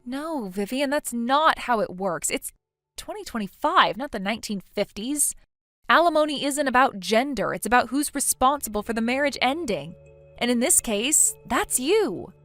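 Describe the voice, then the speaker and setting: A stern, lecturing young woman, as a synthetic voice puts her on, blunt and fed up with her friend's excuses. Her voice sits a little high and swings widely in pitch. Soft music plays faintly underneath the text-message story. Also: expressive, moderate pace, no room sound, studio quality. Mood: scolding. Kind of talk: text-to-speech text story narration.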